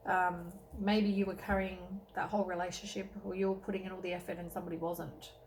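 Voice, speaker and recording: A woman's voice: fairly low pitch, flat delivery, fast talker, a little hiss or hum, poor audio. A woman giving a casual tarot reading, tired and yawning, rambling with many ums and self-corrections. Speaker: tarot reader.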